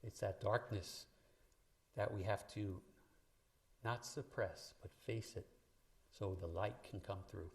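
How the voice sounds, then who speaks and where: A man with a fairly low voice delivers a sermon to his congregation. He speaks conversationally, asking the people questions, and grows louder and more emphatic when he quotes scripture. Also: takes it slowly, creaky, pauses often. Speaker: minister. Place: church sanctuary.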